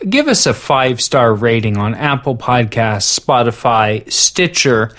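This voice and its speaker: A man's voice: medium pitch, big pitch swings, a little slow, a bit bright. A man co-hosting a podcast, chatting casually with a dry, joking delivery. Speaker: podcast co-host.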